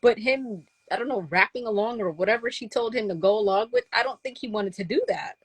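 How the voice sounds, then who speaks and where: A woman co-hosting a podcast in casual chat, giggly and animated, often trailing off mid-thought. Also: medium pitch, fairly quick, a little hiss or hum.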